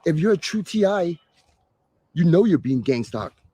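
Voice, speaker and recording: A man's voice: on the high side, very animated, normal speed, warm tone, breathy edge. Sarcastic man ranting at his viewers. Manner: sarcastic, exasperated. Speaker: live stream host. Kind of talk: ranting casual talk to viewers.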